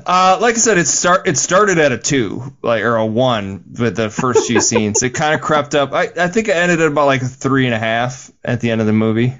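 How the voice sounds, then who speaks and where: A man's voice: medium pitch, animated, brisk, few pauses, a bit bright, lo-fi sound. A man co-hosting a movie podcast, casual and enthusiastic, with some stammering and swearing. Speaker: podcast co-host. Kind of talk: casual movie review chat.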